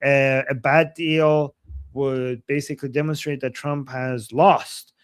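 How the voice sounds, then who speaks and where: A man's voice: mid-range voice, steady tone, slow pace, smooth, no room sound, studio quality. A young man co-hosting a livestream, reading viewer comments aloud and answering them in a casual, chatty way. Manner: chatty, reads comments aloud then responds. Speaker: livestream co-host.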